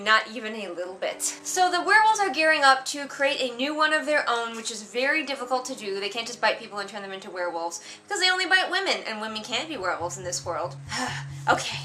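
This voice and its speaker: Woman book vlogger, high-pitched, bright, sarcastic and exasperated. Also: animated, brisk. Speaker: book reviewer. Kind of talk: casual vlog review.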